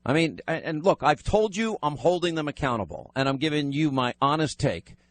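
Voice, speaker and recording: Male talk radio host, firm and fast-moving, a touch higher than most men. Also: expressive, no echo.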